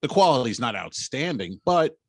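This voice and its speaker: A man's voice: mid-range voice, very animated, moderate pace, husky, dry recording. A middle-aged man co-hosting a comedy podcast, telling rambling stories and acting out what people said. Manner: rambling anecdotes, acts out quotes. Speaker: podcast co-host. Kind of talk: casual comedic storytelling.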